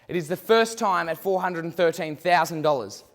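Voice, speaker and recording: A man with a high voice works the room as auctioneer, pressing the crowd for bids again and again. His voice rings out with a long hall reverb. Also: moderate pace, vocal fry. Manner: theatrical, repetitive bid calling. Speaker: student auctioneer. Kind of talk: mock auction calling.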